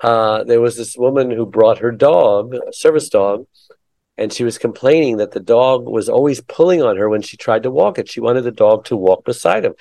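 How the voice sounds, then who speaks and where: A man's voice: mid-range voice, moderate pace, vocal fry, warm tone, no room sound. A man hosting an interview, telling a story in a chatty way with frequent hesitations. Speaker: interview host. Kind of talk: casual interview conversation.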